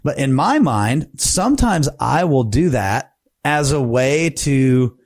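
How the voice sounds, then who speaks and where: A man co-hosting a podcast about preaching, talking in a relaxed, conversational way. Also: medium pitch, slow pace, dry recording, clean studio sound. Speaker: podcast co-host.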